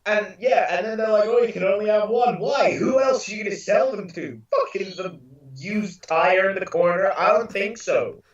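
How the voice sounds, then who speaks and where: A man's voice: high voice, animated, normal speed, hardly any pauses. A young man ranting about a TV episode, exasperated and sweary, in a casual podcast. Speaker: podcast co-host. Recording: echoey, distant, dull-sounding room mic.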